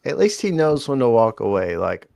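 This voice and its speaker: A man's voice: medium pitch, big pitch swings, normal speed, gravelly, a little mellow, dry recording. A man co-hosting a casual live-stream chat, laid-back and joking. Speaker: co-host.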